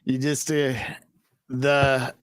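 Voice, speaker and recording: A man's voice: medium pitch, level tone, very slow, clear, resonant tone, no echo. A man on a casual podcast chat, bantering in a breezy, sometimes hesitant way.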